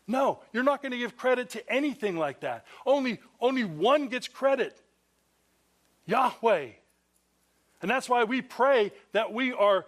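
A man with a high voice preaching a conversational sermon. He is earnest and slips into quoted voices to act out the passage. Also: animated, measured pace, a bit bright. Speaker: pastor.

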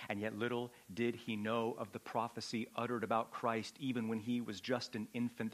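Dramatic male preacher. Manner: dramatic, swings from loud shouting to hushed low delivery. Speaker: pastor. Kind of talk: sermon.

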